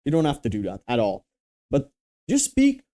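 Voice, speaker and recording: A man's voice: mid-range voice, wildly swooping pitch, normal speed, mellow. A young man from Romania giving casual, blunt, profane advice with emphatic restarts. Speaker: dating and confidence coach.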